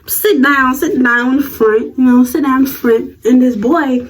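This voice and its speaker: A 19-year-old woman telling a storytime vlog in a slangy, animated way. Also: sits high, normal speed, poor audio. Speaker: vlogger.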